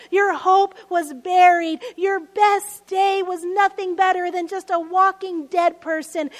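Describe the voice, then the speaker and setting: A woman pastor preaching a lively sermon, telling stories with laughs and dropping to hushed asides. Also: very high voice, long reverb tail.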